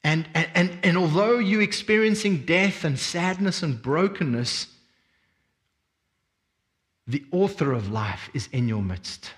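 A man preaching a sermon as a pastor, reading scripture and expounding it with expressive emphasis. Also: fairly high pitch, a little slow. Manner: expressive preaching, swings between quiet reflection and emphatic energy.

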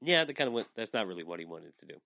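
A young man hosting a podcast, rambling earnestly with lots of likes. His pitch swings widely, and the sound is dry and close. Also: big pitch swings, very fast, gravelly, pushed and bright, dry recording. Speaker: podcast host. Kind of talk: casual chat.

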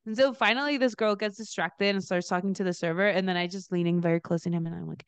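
Young woman podcast co-host, smooth clear tone, dry close sound, animated and quick to laugh. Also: lowish voice, no room sound, dull audio. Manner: animated storyteller, acts out quoted people, laughs often. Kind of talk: casual chat, storytelling.

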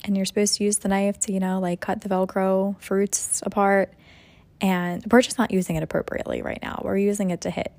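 A woman's voice: medium pitch, level tone, fairly quick, darkish tone, dry recording. A young woman, a mother hosting her own podcast, talking through her thoughts in a rambling, reflective way with lots of fillers. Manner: rambling, reflective, many "you know" fillers. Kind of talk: casual solo podcast monologue.

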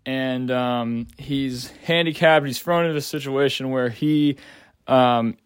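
A man's voice: medium pitch, slow pace, clear, resonant tone, dry recording, clean studio sound. A young adult man giving a casual movie review, rambling with lots of filler words and casual swearing.

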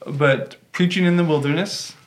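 Male co-host, fairly high voice, relaxed and rambling in a Bible discussion. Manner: easygoing, halting, lots of "like" and restarts. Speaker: podcast co-host.

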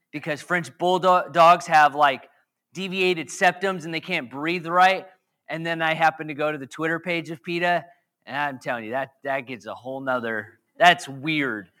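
A slightly hoarse man giving a casual, conversational sermon as a pastor, rambling off on jokey tangents and asking the audience questions. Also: a little high, pushed and bright.

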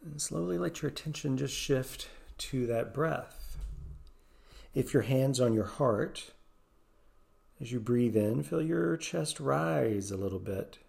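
A man leading a guided meditation, giving slow, gentle, soothing instructions. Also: mid-range voice, creaky.

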